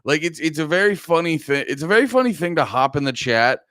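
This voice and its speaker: Groggy, rambling podcast host, dry sound. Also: male voice, on the high side, lively intonation, quick pace, fairly bright tone, no echo. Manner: rambling, profane, talks to chat. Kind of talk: casual livestream chat.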